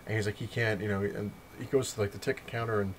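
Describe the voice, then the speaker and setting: A man with a fairly low voice talks in a loose, casual vlog manner. He rambles, corrects himself mid-sentence and swears freely as he recaps comics. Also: fairly even intonation, fast, a little hiss or hum. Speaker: comic collector reviewing his haul.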